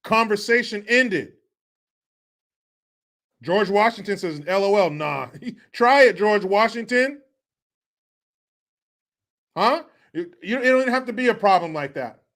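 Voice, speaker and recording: Brief: male host, high-pitched voice, crude comedic rant, mocking and repetitive. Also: expressive, a little slow, pauses often, a bit bright. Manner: riffing, mocking, repeats catchphrases. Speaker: commentary show host.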